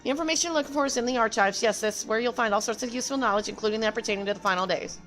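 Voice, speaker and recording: A woman's voice: on the high side, racing, fairly bright tone, faint music behind, lightly acted. A woman voicing a nervous, evasive male rabbit-folk character in a game, flustered and overly polite with stammers.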